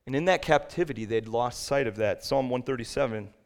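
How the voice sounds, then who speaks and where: A pastor preaches to his church in a mid-range male voice. He talks plainly through the passage, then pushes up in pitch and volume whenever he reads a verse or drives a point home. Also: a little fast. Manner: rises to loud emphatic peaks when reading scripture and quotes. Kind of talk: sermon. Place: church sanctuary.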